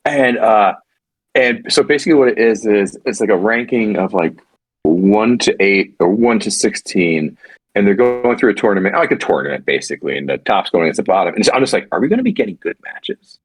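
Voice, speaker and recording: A man co-hosting a casual podcast chat, rambling and animated, with frequent restarts and swearing. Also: lowish voice, a little fast, breathy edge, dry recording. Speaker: podcast co-host.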